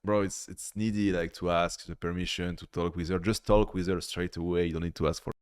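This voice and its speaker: A man's voice: sits low, fairly even intonation, brisk, noisy background. A man giving blunt, critical reaction commentary in a casual way, swearing freely. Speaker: video reviewer.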